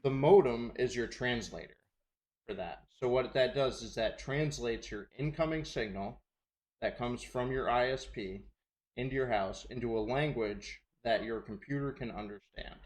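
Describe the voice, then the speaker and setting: A man's voice: mid-range voice, moderate pace. A man co-hosting a gaming podcast while streaming, teasing his friend and patiently explaining in casual chat.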